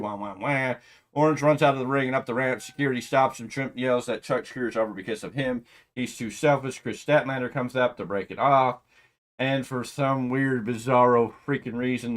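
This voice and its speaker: A mid-range male voice delivers offhand commentary on a wrestling show. Exasperation drives the rant, with sarcastic asides, and the volume shifts from loud to muttered.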